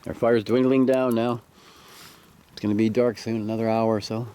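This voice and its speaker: A man's voice: on the low side, little pitch movement, normal speed, warm tone, smooth. A Canadian man with a Canadian accent, chatting casually by a campfire in the woods and laughing often. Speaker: channel host. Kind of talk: casual outdoor chat.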